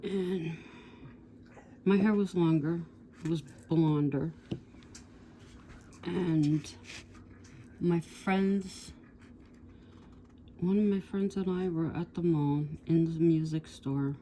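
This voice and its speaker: Woman in her 60s, vlogger, mellow low voice, rambling storyteller, faint noise behind. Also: steady tone, takes it slowly, long pauses. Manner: rambling, digressive, with asides to viewers. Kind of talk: casual storytelling.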